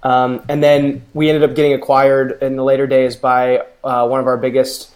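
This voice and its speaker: A male founder is a guest on a podcast and gives an easy, upbeat account of his career. His voice sits at a middle pitch and he speaks fluently. He sounds ready to explain his work. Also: flat delivery, normal speed. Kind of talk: podcast interview.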